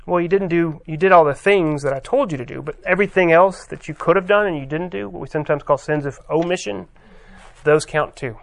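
Gravelly-voiced man preaching a sermon. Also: a little high. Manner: conversational, halting with fillers, reads scripture aloud.

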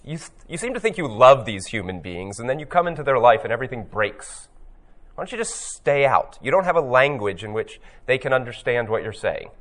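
A man's voice: medium pitch, sing-song, fairly quick, a bit bright. A man voicing personified Death as proud and unbending, with indignant, insistent questions.

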